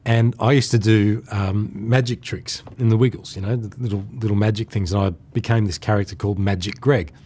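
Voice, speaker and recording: A man's voice: lowish voice, steady tone, brisk, hardly any pauses, darkish tone. A middle-aged man with an Australian accent rambles through fond memories in a loose, conversational way. He tells his stories with frequent chuckles and the odd restart, like a performer thinking back over his career. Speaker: entertainer recalling his career. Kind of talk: casual reminiscing monologue.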